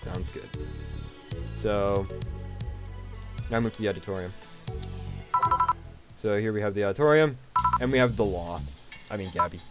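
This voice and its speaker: A man's voice: fairly low pitch, normal speed, pauses often. A man casually commenting on a visual novel as he plays, rambling and swearing freely. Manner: animated, rambling, profane. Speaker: let's play host. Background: game music.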